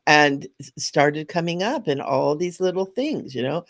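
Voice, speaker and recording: A woman's voice: deep voice, lively intonation, measured pace. A middle-aged woman, a spiritual teacher, talking earnestly in a casual spiritual chat, laughing often.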